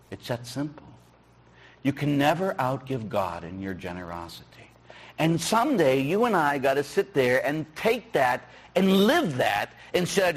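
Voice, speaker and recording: A middle-aged man, a Catholic priest, giving a folksy, teasing sermon with a husky voice. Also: mid-range voice. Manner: folksy, teasing, acts out dialogue with shouts. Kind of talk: sermon with storytelling.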